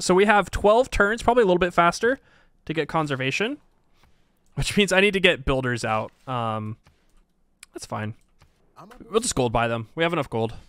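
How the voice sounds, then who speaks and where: A man's voice: fairly high pitch, fairly bright tone, dry recording. A young man casually commentating his strategy game as a streamer, joking, laughing often and talking to himself and his chat.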